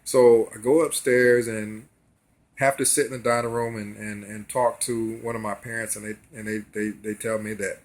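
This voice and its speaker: A man's voice: on the low side, level tone, moderate pace. A man recounting his experiences in an earnest, casual monologue straight to his viewers. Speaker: vlogger. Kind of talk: casual direct-to-camera monologue.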